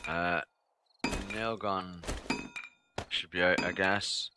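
A man's voice: low-pitched, fairly even intonation, drawn-out words, very noisy. A man streaming a game live, chatting casually with his viewers in a rambling way that repeats itself.

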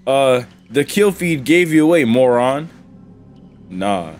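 A man reacting live to a gaming video, excitable and slangy, often yelling advice at the characters on screen. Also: medium pitch, slow, a little hiss or hum.

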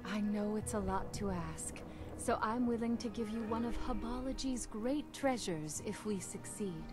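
A woman's voice: mid-range voice, moderate pace, close to an everyday voice. A woman voicing an earnest woman cult leader in a game, speaking in a formal, persuasive way. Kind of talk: game character dialogue. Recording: game audio with music behind.

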